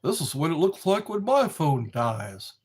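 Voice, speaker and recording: A man hosting a rambling live stream, chatting slowly with viewers from a dark room lit by a candle. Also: on the high side, sing-song, slightly rough. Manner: slow, meandering, talks to viewers. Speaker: livestream host.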